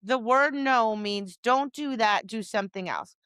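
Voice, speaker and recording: Woman, podcast co-host, dog trainer, animated, exasperated, smooth voice, dry close mic. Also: fairly high pitch, a little slow, no echo. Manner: animated, acts out her dog's replies; emphatic, exasperated scolding of owners. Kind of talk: casual chat.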